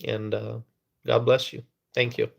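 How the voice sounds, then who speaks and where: A man hosting a live stream, chatting with viewers and talking softly and slowly to rest his tired voice. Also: medium pitch, flat delivery, vocal fry.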